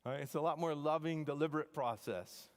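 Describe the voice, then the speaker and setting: A man, an engineering professor, gives a devotional talk to students in a big chapel, with a long reverb trailing after each phrase. His voice sits a little high, and his delivery is animated and joking, full of wry asides. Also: a little fast. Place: chapel hall.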